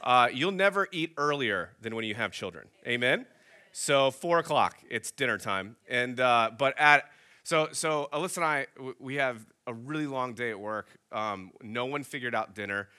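A man's voice: medium pitch, moderate pace, smooth. A man in his thirties, a pastor, telling a story in a sermon and acting out the dialogue. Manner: animated storyteller acting out both sides of a dialogue.

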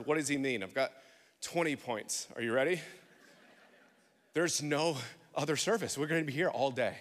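A man's voice: fairly high pitch, lively intonation, moderate pace, pauses often, a bit bright. A man preaching a sermon, telling a funny story and calling out to his congregation to respond. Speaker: pastor. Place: church sanctuary. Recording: reverberant church hall.

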